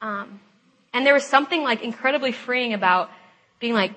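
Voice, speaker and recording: A young woman gives a personal faith testimony in a chatty, animated way. Her voice is bright and sits a little high. She laughs often and fills her talk with "like". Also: normal speed. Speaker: speaker at a Christian gathering.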